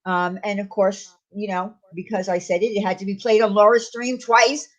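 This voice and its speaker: A woman's voice: medium pitch, flat delivery, normal speed. Earnest woman on a live stream. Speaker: channel host. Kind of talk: casual live-stream chat.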